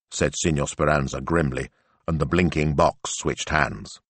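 A man with an extremely low voice narrates an audiobook, telling the story in a measured, expressive way. The recording is dry.

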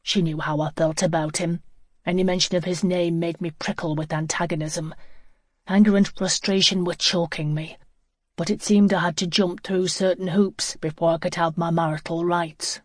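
An audiobook narrator reading a first-person novel in a measured, reflective way. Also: medium pitch, little pitch movement, no echo, clean studio sound.

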